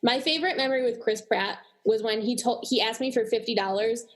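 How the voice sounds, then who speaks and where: A woman guest on a podcast, joking in a deadpan way during casual chat. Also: a little high, fairly quick. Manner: deadpan, jokey.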